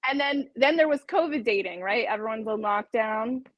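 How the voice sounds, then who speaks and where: Chatty woman, higher voice, dry sound. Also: expressive, moderate pace, no echo, dull audio. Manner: chatty, laughs often, acts out her own dialogue. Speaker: interview guest. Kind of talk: casual interview chat.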